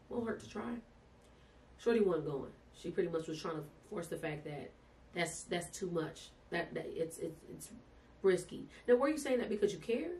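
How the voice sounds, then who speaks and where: A young woman with a lilt tells her story in a lively, heartfelt way, her voice sitting a little low. She sounds set back from the mic, with a faint hiss of noise behind her. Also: distant mic. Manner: animated, emotional, addresses listeners as "y'all" and "baby". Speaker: podcast guest telling her birth story. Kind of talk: casual storytelling to viewers.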